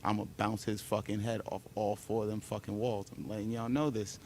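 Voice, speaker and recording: Gravelly low-voiced trash-talking fighter man. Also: little pitch movement, a little fast, darkish tone, a little hiss or hum. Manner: brash, profane, boastful, taunting. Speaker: fighter at a press conference. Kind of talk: trash talk. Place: press conference room.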